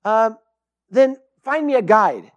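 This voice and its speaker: A man's voice: sits high, animated, takes it slowly, muffled recording, voice pushed up. A male preacher voicing an insistent hunter who presses and bargains, in an urgent, pushy way. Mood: pressing.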